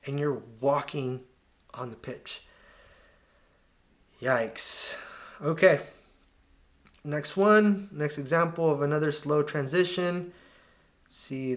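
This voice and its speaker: A man's voice: fairly high pitch, a bit bright. A man commentating over match footage in a casual video breakdown, critiquing players with exasperated asides and slang. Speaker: soccer analyst.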